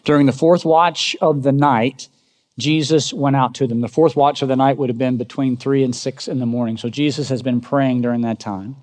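A man's voice: fairly even intonation, moderate pace. Man preaching in a reverberant hall. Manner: dramatic, swings from loud emphatic bursts to low quiet lines; asks the congregation rhetorical questions. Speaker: pastor. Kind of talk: sermon. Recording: long reverb of a large hall.

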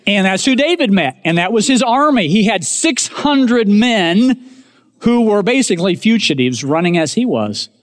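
A male pastor preaches emphatically to his congregation, climbing to raised declarations and sinking into hushed asides. His high-pitched voice has a sing-song lilt at a moderate pace. Long hall reverb is present.

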